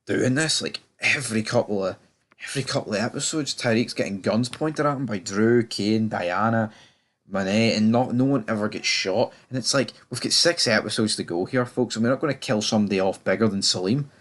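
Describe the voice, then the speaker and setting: A man giving a casual, rambling review of a TV episode, often stammering and repeating words. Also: lowish voice. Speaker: TV show reviewer.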